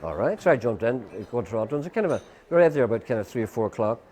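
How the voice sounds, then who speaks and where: A man's voice: mid-range voice, very animated, very fast, mellow. An Irish man, a guest musician, telling a long rambling anecdote, quoting people's lines and filling with "you know".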